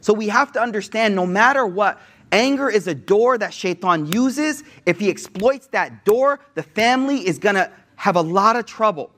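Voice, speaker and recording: A man's voice: high voice, lively intonation, normal speed, a bit bright. A man giving a casual sermon, retelling stories in slangy everyday speech with acted quotes. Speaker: Islamic preacher.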